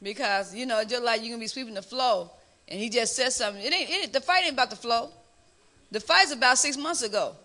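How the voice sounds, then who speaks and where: Animated high-voiced woman preacher. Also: fairly quick. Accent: Chicago African American English. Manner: lively, animated storytelling with laughter. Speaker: pastor's wife. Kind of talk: church Q&A discussion.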